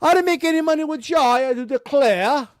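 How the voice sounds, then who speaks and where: A man's voice: extremely high pitch, brisk, no echo. A man putting on the voice of a smug, pompous male boxing promoter, prim and affected, repeating a fussy catchphrase. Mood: smug mockery.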